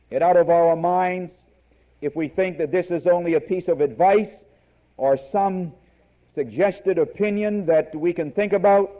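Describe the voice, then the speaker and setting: A man's voice: high voice, phone-quality sound. A man preaching a sermon, emphatic and repeating key words for stress.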